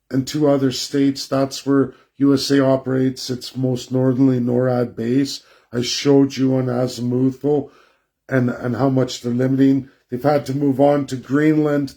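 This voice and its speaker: A man talks through a slide presentation at an unhurried pace. He is blunt and combative and drives his points home by repeating them. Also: medium pitch, dark tone. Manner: blunt, combative, repetitive emphasis.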